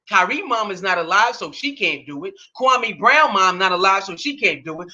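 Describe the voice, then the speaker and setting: A man's voice: very high voice, sharp tone. A man in his thirties hosting a heated solo sports rant, indignant and profane, firing off rhetorical questions. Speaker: sports talk host.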